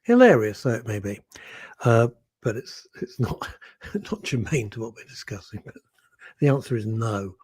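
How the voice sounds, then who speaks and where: Husky, mellow radio host. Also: male voice, on the low side, animated, moderate pace. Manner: rambling, wry, loses his thread. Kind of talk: casual radio chat.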